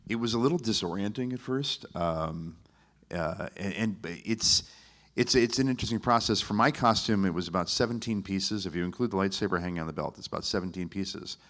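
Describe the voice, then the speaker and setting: A man's voice: sits low, brisk, a bit bright. A man on a convention panel describing a costume process in emphatic, particular detail. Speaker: costumed character performer, panelist. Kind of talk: live panel answer.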